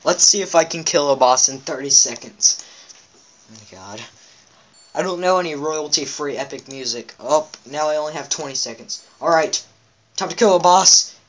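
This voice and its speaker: A man's voice: fairly high pitch, normal speed, a bit bright, highs cut off. A man giving rambling, chatty commentary on his own gameplay, talking straight to his viewers from a home setup. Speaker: let's play gamer.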